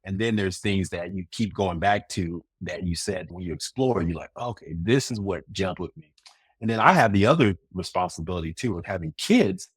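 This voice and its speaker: A man's voice: low voice, lively intonation, normal speed, husky, no room sound, clean studio sound. A man co-hosting a podcast in casual chat, reflective and rambling, laughing often. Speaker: podcast co-host.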